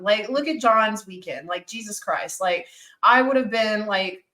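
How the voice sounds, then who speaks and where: Speaking a little slowly in a pushed, bright, medium-pitched voice, this woman hosts a podcast and coaches fitness clients. Her casual conversation is frank and emphatic, peppered with plenty of "like"s.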